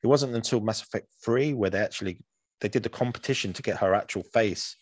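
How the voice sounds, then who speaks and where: A man's voice: fairly low pitch, quick pace, no echo. A young man co-hosting a podcast in casual chat, rambling with lots of fillers and restarts. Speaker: podcast co-host.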